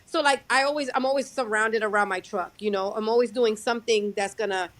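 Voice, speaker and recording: A young adult woman who drives her own truck, talking casually in a podcast interview, halting and restarting her sentences often. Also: a little high. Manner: halting, many restarts and fillers. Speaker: guest, owner-operator truck driver.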